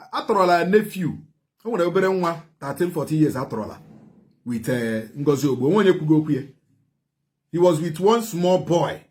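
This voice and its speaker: A man's voice: on the high side, a little mellow. A man with a Nigerian Igbo accent giving heated commentary, emphatic and repetitive, switching between Igbo and English. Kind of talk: heated social media commentary.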